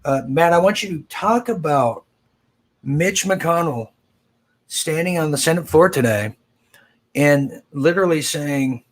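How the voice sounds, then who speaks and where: A man hosting a live political talk show, rambling with quick asides and frequent restarts. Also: on the high side, expressive.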